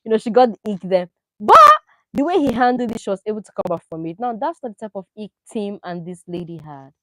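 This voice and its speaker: A woman doing casual, opinionated commentary on a reality show, animated and full of rhetorical questions. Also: mid-range voice, fast, no room sound, rough recording. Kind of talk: casual chat.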